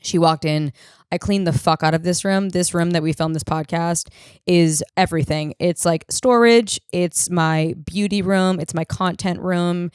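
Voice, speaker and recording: A young woman tells stories on her home podcast in a lowish, smooth voice. She talks in an animated, crude, self-mocking way. The sound is dry and close. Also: measured pace, no room sound. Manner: animated, profane, self-deprecating storytelling. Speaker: podcast host. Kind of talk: casual storytelling chat. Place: home room used as podcast studio.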